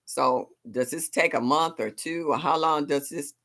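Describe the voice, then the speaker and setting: A woman's voice: deep voice, a little slow, a bit bright. A woman hosting a casual gardening livestream from home, chatting expressively and reacting aloud to viewer comments. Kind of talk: casual live chat with viewers. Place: home in Ohio.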